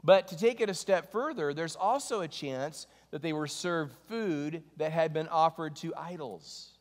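A man preaching a sermon, reading scripture and telling jokey stories with animated delivery. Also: on the high side, a little slow, big-room sound. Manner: animated storytelling, jokey asides. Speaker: pastor.

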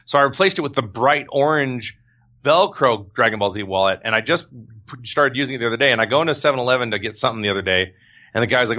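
A man who voices characters for a living, talking casually as a guest. His voice is bright and forceful. He tells his stories with lots of energy and slips in quick impressions along the way. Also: mid-range voice. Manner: animated storyteller, slips into voices. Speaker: voice actor guest. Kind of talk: casual chat.

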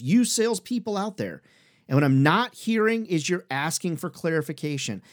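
Brief: upbeat man coaching salespeople, fairly high voice, very lively and talkative. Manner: energetic, fast-talking, emphatic. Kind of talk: podcast lesson.

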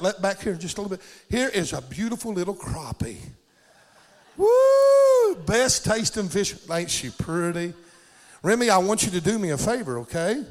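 A man preaching an animated sermon, calling for amens and breaking into shouts of praise. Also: high-pitched. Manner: exuberant, calls for amens, shouts bursts of praise. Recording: hall reverb.

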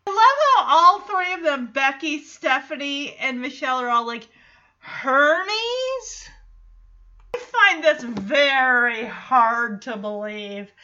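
A woman hosts a podcast with a bright, high-set voice and chatty, animated energy, often acting out what others say. The audio is slightly muffled. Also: a little slow, hardly any pauses. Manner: chatty, animated, acts out quotes. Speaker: podcast host. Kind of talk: casual episode recap.

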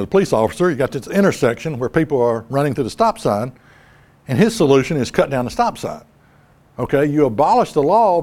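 Male preacher, sermon, emphatic, rhetorical questions, animated pitch. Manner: emphatic, rhetorical questions, repeats key phrases.

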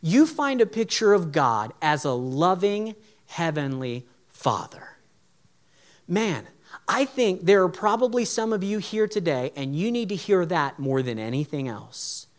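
A man's voice: high-pitched, sing-song, a little slow. A young man preaching a sermon in an earnest, pleading, conversational way. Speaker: pastor.

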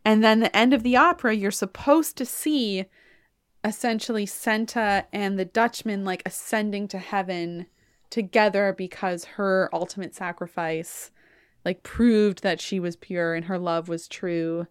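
A woman hosts a podcast in a chatty, animated way, walking through an opera story with plenty of "like". Her voice is smooth and clear. The sound is dry and close to the mic. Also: mid-range voice, unhurried, dry recording. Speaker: podcast host. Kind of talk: casual retelling of an opera plot.

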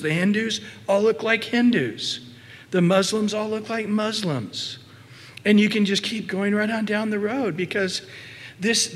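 A man with a high voice preaches a sermon, emphatic and expressive. He drops into soft, low asides, then climbs into loud, mocking imitations. His words ring out with a long reverb, as in a large church hall. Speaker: pastor.

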